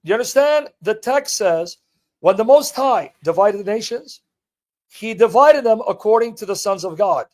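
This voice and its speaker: A man's voice: high-pitched, animated, normal speed, darkish tone. A man hosting a livestream, reading a passage aloud and commenting on it with emphatic rhetorical questions to his viewers. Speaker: host of a livestream. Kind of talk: live teaching and commentary, reading a text aloud.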